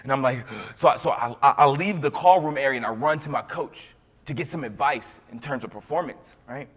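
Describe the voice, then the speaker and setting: A young man from Tennessee, giving a motivational keynote as a storyteller. He swings from loud to hushed and often repeats his words. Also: mid-range voice, brisk. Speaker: motivational speaker. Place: large conference hall. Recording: long hall reverb.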